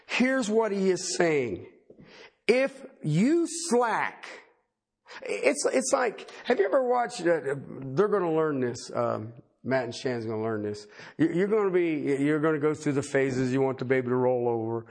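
Man, middle-aged, pastor, sermon, folksy and animated, husky, high-pitched. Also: measured pace. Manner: folksy, animated preaching with asides and humor.

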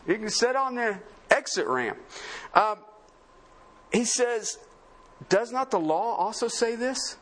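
A man's voice: high-pitched, animated, slow, long pauses, fairly bright tone. A man preaching a sermon in a conversational, sarcastic way, full of rhetorical questions. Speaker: pastor.

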